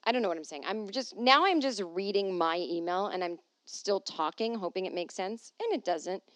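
Reading listener emails on her home podcast, this middle-aged comedian rambles and makes self-deprecating, jokey asides. She's animated at normal speed with a medium-pitched voice, and the recording carries no room sound.

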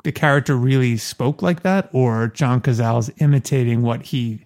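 A man's voice: medium pitch, normal speed, a little mellow. Curious male podcast co-host. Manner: curious, asks many questions. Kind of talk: casual chat.

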